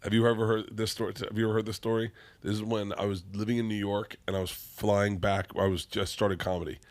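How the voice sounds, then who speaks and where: A middle-aged man telling a rowdy, profane story in casual chat, acting out every person he quotes. His voice sits a little low for a man. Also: flat delivery, quick pace. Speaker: guest comedian.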